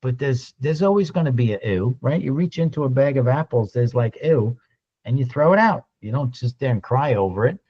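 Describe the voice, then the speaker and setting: A man giving a lunch-and-learn sales talk, animated and acting out little dialogues as he goes. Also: medium pitch, a little fast, husky, highs cut off. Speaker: sales trainer.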